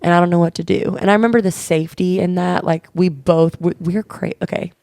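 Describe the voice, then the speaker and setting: A woman co-hosts a podcast in easy, candid conversation. Her voice sits a little low with a gravelly fry running through it, and the sound is dry and close. She tells stories earnestly and slips into quoted dialogue as she goes. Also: steady tone, a little fast, dark tone, no echo. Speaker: podcast co-host.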